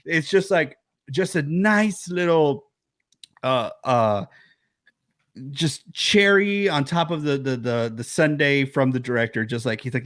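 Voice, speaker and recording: A man co-hosting a horror film podcast over a remote call, retelling scenes with swearing and sudden high-voiced bits. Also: unhurried. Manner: animated, swearing, acts out scenes in high yelps. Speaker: podcast co-host. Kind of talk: casual film chat.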